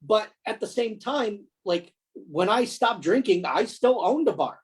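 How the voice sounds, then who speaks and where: A man co-hosting a casual podcast, talking in a rambling, halting way with many restarts. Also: sits high, animated, breathy edge, poor audio. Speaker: podcast co-host. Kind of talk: casual chat.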